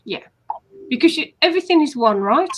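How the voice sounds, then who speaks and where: A woman's voice: high-pitched, animated, a little fast, a little hiss or hum. A woman co-hosting a casual coaching chat, patiently explaining steps and acting out sample compliments. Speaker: hypnotherapist co-host.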